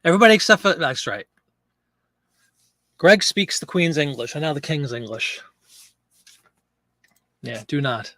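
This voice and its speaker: Man, live-stream host, chatty and joking, reads viewer comments, a bit high-pitched, dry sound. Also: lively intonation, a little slow, pauses often, bright, forceful tone, no echo. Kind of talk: casual live-stream chat, reading viewer comments aloud.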